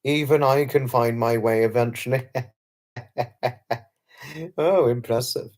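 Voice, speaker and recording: A man's voice: mid-range voice, steady tone, takes it slowly, darkish tone. A man hosting a casual live stream, reading out viewer comments and answering them in a chatty, polite way, repeating his thanks and greetings. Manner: chatty, repeats phrases, lots of thanks and hellos to viewers, chuckles often; polite, slightly formal wording with restarts. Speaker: livestream host.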